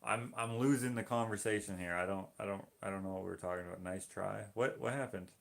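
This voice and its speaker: A man with a low, gravelly voice talks casually through a live painting stream. He reads viewer comments aloud and wanders between thoughts, stopping himself mid-sentence in a loose, easygoing way. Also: steady tone, fairly quick. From Canada. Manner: rambling, self-interrupting, easygoing.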